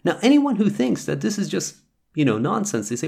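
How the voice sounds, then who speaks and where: A man's voice: high-pitched, sing-song, a little fast, vocal fry, a little mellow, slightly rough. A man hosting a podcast, earnestly explaining scripture and reading verses aloud. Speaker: podcast host. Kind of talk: religious teaching talk.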